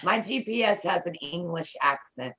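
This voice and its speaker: A woman's voice: fairly low pitch, animated, normal speed, crowd noise. A woman with a Texan accent chatting casually and giggling. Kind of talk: casual chat. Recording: dull lo-fi audio.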